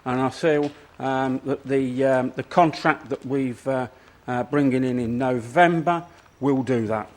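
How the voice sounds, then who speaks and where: A man, a council portfolio holder, out of breath, answering questions at a council meeting in a halting way full of ums and restarts. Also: medium pitch.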